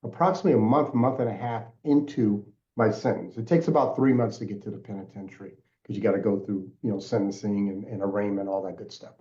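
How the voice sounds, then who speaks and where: Deep-toned man giving earnest testimony. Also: steady tone, fast, few pauses, mellow. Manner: earnest, emotional, repeats phrases for weight. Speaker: guest, national speaker. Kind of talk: personal testimony. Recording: echoey, dull lo-fi sound.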